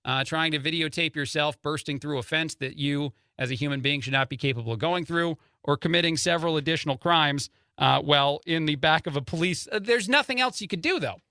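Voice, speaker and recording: A man's voice: on the high side, a little fast, hardly any pauses, bright, forceful tone, clean tone, no room sound, clean studio sound. A man filling in as a talk radio host, giving opinionated commentary with lots of "uh" fillers and chuckles at the stories.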